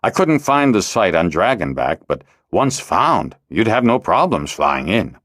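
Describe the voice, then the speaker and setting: A man's voice: low voice, sing-song, unhurried, fairly bright tone, dry recording, studio quality, exaggerated voice. A man voicing a humble, cunning shunned male miner in an audiobook, who speaks in a pleading, submissive way.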